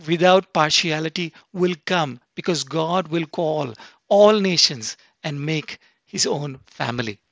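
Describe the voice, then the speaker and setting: A male preacher giving a sermon, reading scripture slowly and stressing key words with rising emphasis. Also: a little high, a bit bright, no room sound.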